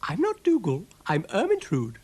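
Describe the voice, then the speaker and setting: A man's voice: sits high, huge pitch swings, normal speed, a little mellow, husky, voice pushed up, exaggerated voice. A man voicing a genteel, grand lady cow who calls everyone dear, for a cartoon.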